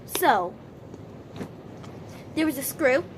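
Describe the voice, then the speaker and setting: A woman's voice: high voice, animated, very slow, noisy background. A woman vlogger telling a story casually to camera, rambling with many restarts.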